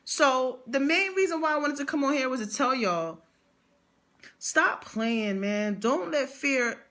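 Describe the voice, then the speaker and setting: Woman, high voice, bright tone, emphatic, slangy, motivational monologue. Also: measured pace. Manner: emphatic, repetitive, animated storytelling with slang.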